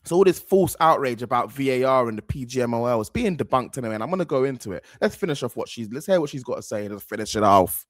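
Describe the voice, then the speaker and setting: A man hosts a football reaction video in a casual, rambling way, stacking slang and repeating himself. His pitch jumps up and down a lot as he gets worked up. The sound is close and dry, with no room around it. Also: lively intonation, fast talker, hardly any pauses, dry recording. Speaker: football channel host.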